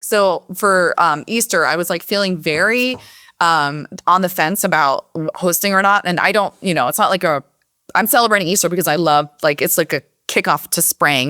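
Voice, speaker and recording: A woman's voice: deep voice, sharp tone, no room sound, clean studio sound. A woman cookbook author chatting casually on a podcast, rambling and using "like" a lot. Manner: rambling, heavy use of "like".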